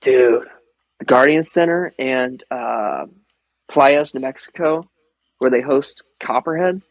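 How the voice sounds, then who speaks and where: With a medium-pitched voice full of vocal fry, a man from the American Midwest slowly recounts airsoft adventures as a podcast guest. He laughs frequently and swears freely in the casual talk; the audio is rough but has no echo.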